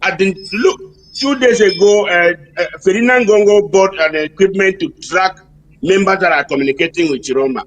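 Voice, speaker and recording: A man calling in to a political talk show, halting with rhetorical questions. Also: sits high, fairly bright tone, a little hiss or hum. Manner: halting, many fillers and restarts, asks rhetorical questions. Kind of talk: political call-in commentary. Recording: distant-sounding call-in audio.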